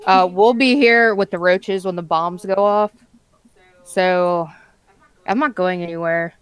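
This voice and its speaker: Blunt, swearing woman, smooth clear voice, mouth full of dip. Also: on the low side, fairly even intonation, measured pace, no room sound. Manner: blunt, profane, a bit mumbled. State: talking with tobacco dip in her lip. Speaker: guest on a stream. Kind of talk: casual stream chat.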